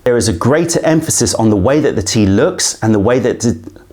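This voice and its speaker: A playful man hosts a rough outdoor vlog on a mountain trip, his voice sitting at a middling pitch. He chats casually and keeps restarting his lines to camera. The sound is taken outdoors with a small mic near the camera. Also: expressive, fairly quick, darkish tone. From England. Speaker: tea company host. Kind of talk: casual behind-the-scenes vlog.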